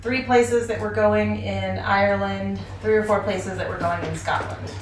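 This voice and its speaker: A woman's voice: mid-range voice, steady tone, moderate pace, soft background music. A woman co-hosting with her husband, chatting casually and teasing playfully. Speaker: co-host, wife. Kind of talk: casual chat. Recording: echoey room, mic at a distance.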